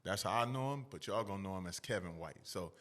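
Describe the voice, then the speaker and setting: A man's voice: sits low, fast, fairly bright tone. Upbeat slangy podcast host, man. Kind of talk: casual interview talk.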